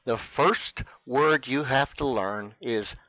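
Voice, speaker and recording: A man teaching English in a scripted lesson, speaking clearly and with emphasis for learners. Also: medium pitch, slow pace, bright, forceful tone, dry recording, muffled recording.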